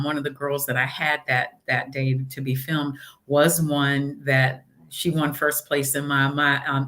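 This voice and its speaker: A middle-aged woman, a mayor, chatting casually in an interview and telling stories with lively acted-out quotes. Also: extremely low pitch. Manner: animated storytelling, acts out quotes.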